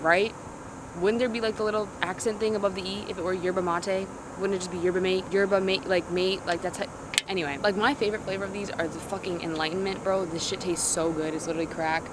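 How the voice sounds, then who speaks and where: A woman's voice: mid-range voice, fairly even intonation, fast talker, background noise. A young adult woman chatting casually to camera in a vlog, rambling and slangy, often cutting herself off. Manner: rambling, slangy, self-interrupting. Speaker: vlogger. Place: outdoors in a city in the morning.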